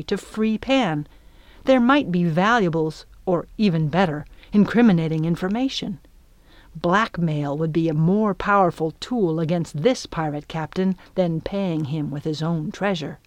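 A woman narrating an adventure storybook in a measured, expressive reading voice. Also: fairly low pitch, no echo. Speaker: audiobook narrator.

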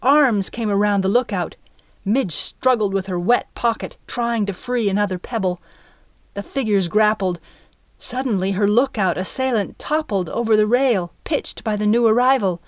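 A woman giving a scripted audiobook narration of a story, in an even, measured way. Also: mid-range voice, dry recording.

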